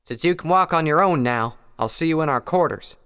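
A stubborn, blunt farm mare, as a male reader puts her on, talking in a plain country drawl. The voice is pitched up from his own with a gravelly grain. Long hall reverb trails every line. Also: very animated, fast, fairly bright tone. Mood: curt. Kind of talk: fan fiction audiobook reading.

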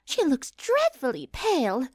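A woman's voice: high-pitched, huge pitch swings, a little slow, a little mellow, dry recording, studio quality, voice pushed up, full character voice. A woman voicing a refined, fussy young lady who speaks in a prim, dramatic way. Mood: anxious.

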